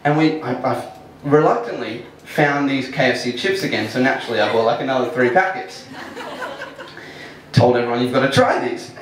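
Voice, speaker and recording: At a live storytelling venue, a man with a mid-range voice spins a funny tale about himself at normal speed, laid-back and self-mocking, laughing as he speaks to the audience. The echoey hall, distant mic, and slight background noise shape the sound.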